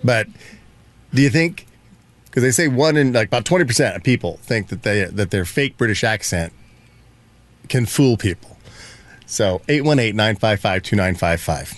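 A man with a lowish voice co-hosts a radio talk show. His speech swings up and down a lot as he rambles and jokes, with plenty of "like" and "I mean". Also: expressive, moderate pace, pauses often, no room sound. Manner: loose, rambling, joking, lots of "like" and "I mean". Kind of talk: casual radio banter.

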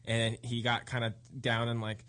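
A man co-hosting a comedy show, telling anecdotes in an excitable, rambling way. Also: mid-range voice. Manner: excitable, fast anecdotes with many "like" fillers. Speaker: comedian and musician, show co-host. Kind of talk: casual comedic storytelling.

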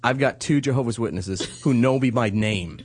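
A man's voice: medium pitch, normal speed, slightly rough. A man in his thirties in casual chat, animatedly telling a story and acting out the people in it. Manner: animated storyteller, acts out quotes.

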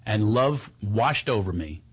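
A man's voice: lowish voice, animated, measured pace, breathy edge. A man, a comedian, telling a personal story in a conversation, laughing often and acting out what others said. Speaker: comedian guest.

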